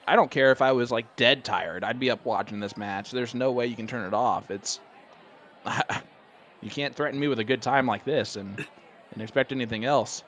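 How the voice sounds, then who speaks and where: Chatty, excitable male darts commentator. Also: mid-range voice, normal speed, a little hiss or hum. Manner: enthusiastic, chatty, joking. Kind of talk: live sports commentary.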